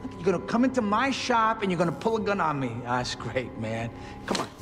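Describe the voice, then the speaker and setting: A woman putting on a loud, swaggering, foul-mouthed male chop shop owner who mocks and scolds. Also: lowish voice, very animated, brisk, long reverb tail, over music. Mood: scornful.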